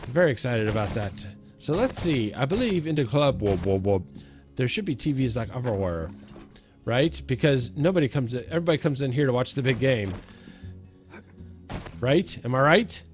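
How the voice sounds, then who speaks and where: A man's voice: medium pitch, lively intonation, moderate pace, faint music behind. A man hosting a let's-play, giving jokey, self-mocking commentary as he talks to himself and the zombies in the game. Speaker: gaming let's-play host. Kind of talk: casual gameplay commentary.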